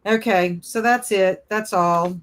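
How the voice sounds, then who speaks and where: A woman hosting a reading livestream in a casual, chatty way. Her voice sits in a middle pitch, and she slips into playful, over-the-top disappointment. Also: slow pace, background noise. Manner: chatty, mock-dramatic dismay. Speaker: livestream host. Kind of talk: casual chat on a reading stream.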